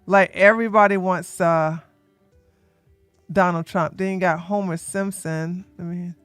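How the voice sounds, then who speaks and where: A woman streaming live, chatting casually to her viewers in a soft, unhurried voice. She talks slowly, with a middle-pitched tone. The sound is dry and close to the mic. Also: steady tone, dry recording, soft background music. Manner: soft, unhurried talk, a break from her usual yelling. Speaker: livestreamer. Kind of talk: casual livestream chat.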